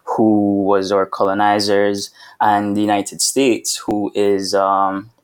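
A young man from Belize speaks as a podcast guest in a relaxed, easygoing way. His voice sits low and stays flat in pitch. He talks casually, laughing along and using fillers. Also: takes it slowly, clean tone. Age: young adult. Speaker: podcast guest, film student. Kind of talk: casual interview chat.

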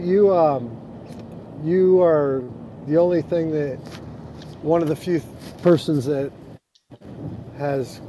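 A middle-aged man, a pastor, chatting casually on earphones from inside a car, reading scripture slowly and then talking loosely with fillers. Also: on the high side. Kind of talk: casual chat on a social audio app. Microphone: earphones with mic. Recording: clear car and road noise.

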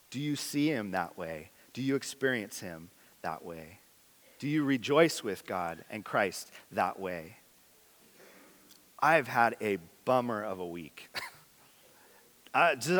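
Earnest male pastor in a reverberant hall. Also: medium pitch. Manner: earnest, candid, swings between loud emphasis and quiet intensity. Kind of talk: sermon.

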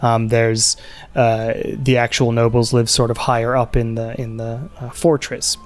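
A man's voice: mid-range voice, flat delivery, measured pace. A man narrating a tabletop game as game master, rambling with many fillers and restarts.

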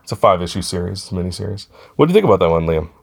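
A man's voice: low-pitched, very animated, rapid-fire, vocal fry. A man co-hosting a podcast in casual chat, rambling and correcting himself as he goes in a friendly way. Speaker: podcast co-host.

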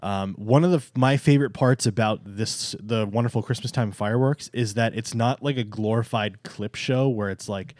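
A man's voice: on the low side, normal speed, few pauses, darkish tone, no room sound, clean studio sound. A man co-hosting a theme park podcast, talking in an enthusiastic, emphatic casual way. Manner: enthusiastic, emphatic, plugs channel. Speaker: podcast co-host. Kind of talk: casual chat.

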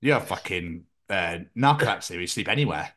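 A man's voice: low-pitched, expressive, brisk, fairly bright tone. A man with a British accent hosting a podcast, rambling casually, swearing and acting out silly bits. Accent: British English. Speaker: podcast host. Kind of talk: casual chat.

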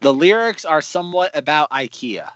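A man's voice: fairly high pitch, very animated, moderate pace, fairly bright tone, no room sound, lo-fi sound. A man co-hosting a casual podcast, cracking dry jokes. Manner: dry wisecracks. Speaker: podcast co-host.

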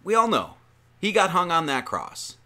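Animated bright-voiced man preaching casually. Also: high voice, moderate pace. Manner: animated, slangy, reads verses then riffs with rhetorical questions. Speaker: lay preacher. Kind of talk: informal sermon on scripture.

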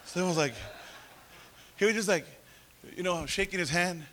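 A man with a high-pitched voice tells his testimony from the pulpit. He is animated, acting out the people he quotes and shifting between loud, pushing bursts and quieter, confiding asides. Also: normal speed, a little hiss or hum. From California. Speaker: preacher giving testimony. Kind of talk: sermon testimony.

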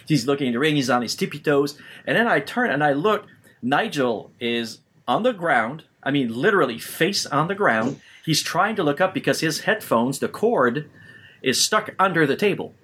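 A man co-hosting a podcast in casual chat, telling stories in an animated way, laughing often and restarting his sentences. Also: on the high side, moderate pace, breathy edge. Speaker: podcast co-host.

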